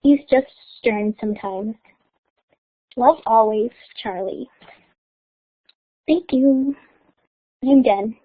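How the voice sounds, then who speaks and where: A woman student reading a book excerpt aloud in a plain, steady way over an online call. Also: a little high, slow, pauses often. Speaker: student reader. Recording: tinny online call audio.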